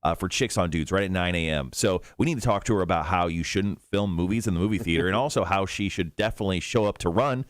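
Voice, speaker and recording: Deep voiced radio guy chatting loose w his co-host, laughs a lot, dry mic. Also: dry recording. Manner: animated, quick to laugh. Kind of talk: casual radio banter.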